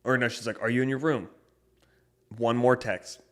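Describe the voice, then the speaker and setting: A young man co-hosting a podcast, rambling through a story with lots of swearing and getting loud when riled up. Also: medium pitch, fairly even intonation, normal speed. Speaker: podcast co-host. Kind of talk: casual chat.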